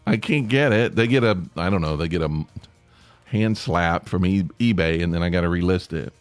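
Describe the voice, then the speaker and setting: A man's voice: low-pitched, normal speed, clean tone, no room sound, faint music behind. A man hosting a podcast, talking in a casual, rambling solo monologue with lots of fillers and restarts. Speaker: podcast host.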